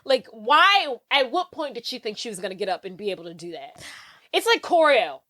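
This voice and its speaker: A woman's voice: on the high side, big pitch swings, a little fast, bright, forceful tone. A woman co-hosting a podcast, recapping a movie in casual chat, blunt and opinionated, acting out characters' lines as she goes. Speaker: podcast co-host.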